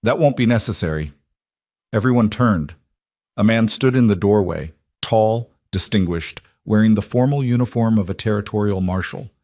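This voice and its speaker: Deep-voiced male story narrator. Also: a little mellow, dry recording, clean studio sound. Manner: measured, dramatic storytelling. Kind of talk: scripted narration.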